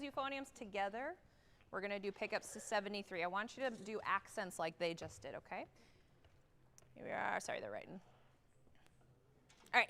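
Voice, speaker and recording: A woman conductor with a slightly bright, mid-range voice rehearses a wind band on a theatre stage, upbeat and direct as she counts off and sings out how the notes should go. Heard via livestream, it has a long theatre hall reverb.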